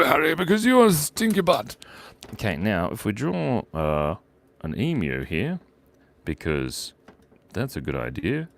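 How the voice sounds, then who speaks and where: A man's voice: lowish voice, creaky, a bit bright, no echo. A man hosting a live drawing stream, playful and giggly as he chats with viewers while he draws. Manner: playful, giggly, silly asides. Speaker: animator hosting a drawing livestream.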